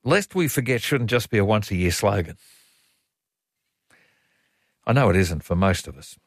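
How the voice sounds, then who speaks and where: A man's voice: fairly low pitch, animated, a little slow, no echo, studio quality. A man with an Australian accent hosting talk radio, emphatic and blunt, often repeating himself as he airs his opinions. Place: radio studio. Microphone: studio microphone.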